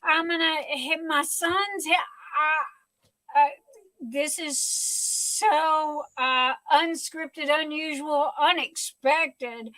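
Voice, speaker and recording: A woman's voice: high voice, fairly even intonation, drawn-out words, pushed and bright, no echo, low-quality recording. A middle-aged woman hosting her livestream at home, gushing and talking through tears. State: tearful. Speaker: livestream host. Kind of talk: casual live chat.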